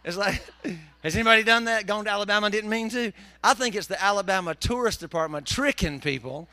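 A man's voice: high-pitched, fast talker, pushed and bright, no room sound. A man preaching a sermon, telling folksy, joking stories. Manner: folksy, joking storyteller with southern turns of phrase. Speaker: pastor.

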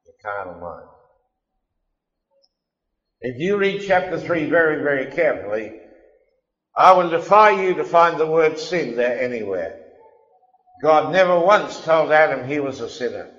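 A man preaching a sermon, emphatic and impassioned, swinging between quiet asides and loud declarations. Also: fairly high pitch, very animated, a little slow, long pauses. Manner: impassioned, emphatic, rising and falling. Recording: echoey hall, dull lo-fi sound.

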